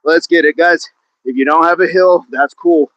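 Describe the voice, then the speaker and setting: A man's voice: a little high, fairly even intonation, moderate pace, fairly bright tone, lo-fi sound. Upbeat man hosting an outdoor workout stream. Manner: upbeat, counts down reps, greets chat by name. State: exercising. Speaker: fitness livestream host. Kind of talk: live workout commentary to chat. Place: outdoors on a hill.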